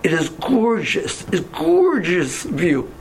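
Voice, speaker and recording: Guy telling a story to friends, slightly high voice, faint hiss behind, keeps repeating himself, throws in hebrew and yiddish words. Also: slow, gravelly. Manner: animated, repeats himself, acts out quotes. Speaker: teacher. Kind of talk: casual storytelling to a small group.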